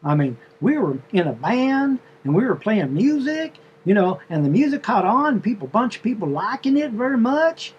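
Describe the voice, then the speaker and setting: A man's voice: high-pitched, very animated, normal speed, few pauses, muffled recording, a little hiss or hum, voice pushed up. A man voicing an older woman with a Southern US drawl who rambles on about money she has lost. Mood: excited. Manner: rambling, breathless, lamenting.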